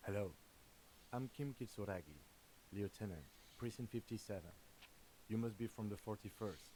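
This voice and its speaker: A man playing a calm, formal police lieutenant. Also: fairly low pitch, normal speed, slight background noise, close to an everyday voice, poor audio. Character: composed male police lieutenant, formal and reserved. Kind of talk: video game dialogue.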